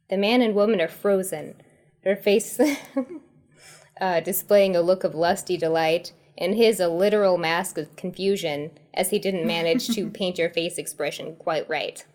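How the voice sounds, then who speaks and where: A woman with a low, slightly mellow voice hosts and reads aloud a choose-your-path horror comedy tale. She often breaks into giggles as she reads.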